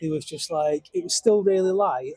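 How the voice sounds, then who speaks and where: A man's voice: fairly high pitch, moderate pace, mellow, breathy edge, dry recording. A man co-hosting a podcast, sweary and joking in casual banter. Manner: sweary, joking, laughs a lot. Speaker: podcast co-host.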